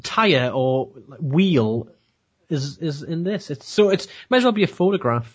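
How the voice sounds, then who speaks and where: A man co-hosts a loose anime review chat, rambling and laughing as he goes. His voice sits a little high and swings widely in pitch, with a husky edge. The sound is dull and lo-fi. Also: a little slow. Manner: animated, rambling, laughs often. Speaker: podcast co-host.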